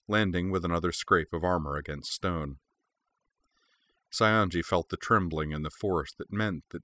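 A man narrating a fan fiction story in a steady, clear storytelling manner. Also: low-pitched. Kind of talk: audiobook reading of fan fiction.

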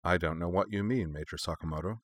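A wounded man, voiced by the male narrator, cracks deadpan jokes in a deep, low voice. The sound is dry and close. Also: quick pace, no room sound.

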